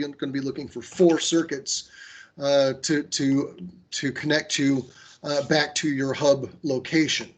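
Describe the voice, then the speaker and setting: Male trainer on a video call, slightly high voice, chatty and full of "uh"s, gives firm recommendations. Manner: conversational, with many fillers and restarts. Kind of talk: online training presentation.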